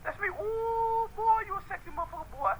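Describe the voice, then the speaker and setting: A woman voicing assorted brash, street-talking animals in a comedic voiceover, with loud, profane, slangy banter. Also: extremely high pitch, a little fast, slight background noise, poor audio. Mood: cocky.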